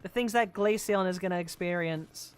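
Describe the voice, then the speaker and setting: Playing a game on stream, a woman talks in a fairly low, smooth voice she describes as androgynous, at a moderate pace. Her chat is casual and rambling, loaded with fillers and free swearing.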